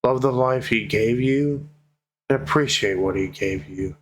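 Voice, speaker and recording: A man speaking in an emotional personal vlog, tearful and heartfelt, swearing freely and pleading slowly with his viewers. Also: medium pitch, a little hiss or hum, rough recording. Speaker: vlogger.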